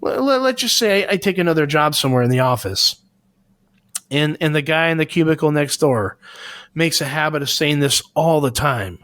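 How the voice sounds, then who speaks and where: A man's voice: fairly high pitch, lively intonation, moderate pace, fairly bright tone, no room sound. A man co-hosting a podcast, talking things through in an earnest way and searching for his words. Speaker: podcast co-host. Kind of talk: casual podcast discussion.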